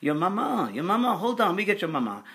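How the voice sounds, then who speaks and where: A man voicing an excited male French spirit who shouts and repeats himself urgently. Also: high voice, quick pace, pitched above the performer's own voice, full character voice. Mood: eager.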